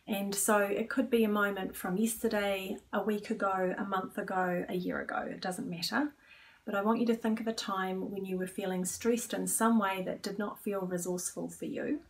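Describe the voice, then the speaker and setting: A woman stress coach who leads a guided exercise in a calm, inviting tone. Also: mid-range voice, normal speed, far from the mic, a little hiss or hum.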